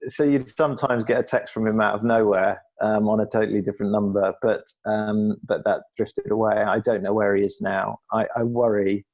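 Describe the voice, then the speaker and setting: A middle-aged man from England talks candidly in an interview, his low voice staying level and even. He is earnest and reflective, and he often circles back and restarts phrases as he gathers his thoughts. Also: a little fast, hardly any pauses. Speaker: podcast guest, former athlete.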